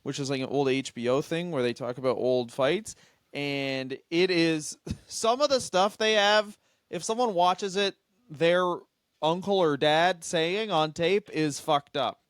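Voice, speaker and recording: A man's voice: on the high side, measured pace, smooth, no room sound, clean studio sound. A man co-hosting a comedy podcast, telling rambling stories and acting out what people said. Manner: rambling storyteller, acts out quotes. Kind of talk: casual comedic chat.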